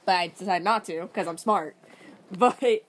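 A woman's voice: fairly low pitch, a little slow. A teenage girl co-hosting a casual podcast with friends, giggly and teasing, often talking over the others. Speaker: podcast co-host. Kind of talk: casual chat among friends. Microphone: phone recording. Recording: loud background noise.

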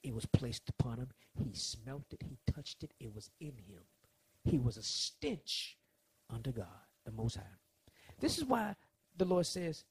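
A man preaching a sermon, swinging between soft lines and loud ones as he acts out quotes. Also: mid-range voice, sing-song, a little slow, breathy edge.

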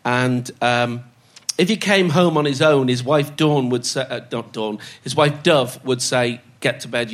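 Speaking as a podcast guest, this older man spins stories, chuckling as he talks and voicing the people he quotes. He has a medium-pitched, fairly bright voice.

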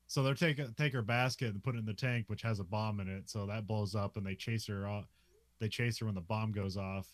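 A man's voice: on the low side, fairly even intonation, brisk, dry recording. A man casually recapping a film's plot on a podcast, laughing often between his sentences and filling gaps with uh and like. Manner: laughs often, many fillers, plot summary. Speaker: podcast co-host recapping a film. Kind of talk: casual film recap chat.

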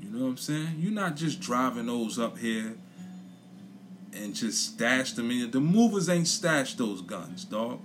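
A man's voice: mid-range voice, sing-song, measured pace, background noise. A young man gives a blunt, profane opinion rant in casual chat, repeating his points for emphasis. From Brooklyn, New York. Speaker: commentator.

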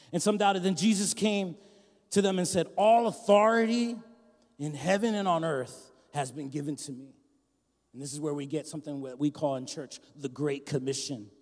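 A man preaching a sermon as pastor, lively, swinging from loud shouts to hushed asides. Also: on the high side, normal speed, long pauses, in a large hall. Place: church hall with congregation.

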